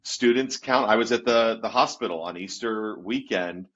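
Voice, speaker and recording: A man in his fifties, a youth pastor, telling his story as an animated guest in a casual interview and laughing often. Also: fairly low pitch, moderate pace. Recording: dull lo-fi sound.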